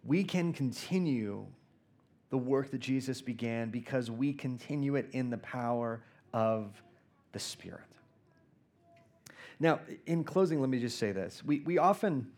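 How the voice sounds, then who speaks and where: An earnest male preacher delivering a sermon in a voice of middle pitch. He tells stories with energy and slows down for soft, quiet prayer. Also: lively intonation. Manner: earnest, storytelling, pauses and prays softly. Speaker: guest preacher.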